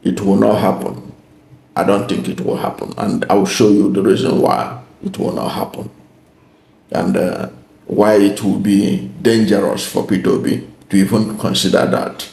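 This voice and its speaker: A man hosting his channel, delivering a political commentary monologue in a deliberate, emphatic way and repeating his key points. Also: on the low side, flat delivery, gravelly, darkish tone. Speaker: channel host. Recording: roomy echo.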